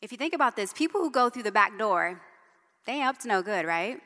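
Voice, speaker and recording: A middle-aged woman preaching with a bright, forceful voice, chatty and conversational, often checking in with "right?". Her words carry a long reverb through the church hall. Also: medium pitch, lively intonation, brisk. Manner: conversational, frequent "right?" asides. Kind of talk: sermon with personal stories.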